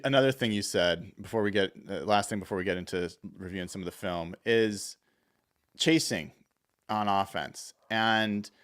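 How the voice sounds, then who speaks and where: A man hosting a sports podcast, asking long, rambling questions full of fillers in casual talk. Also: lowish voice. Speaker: podcast host.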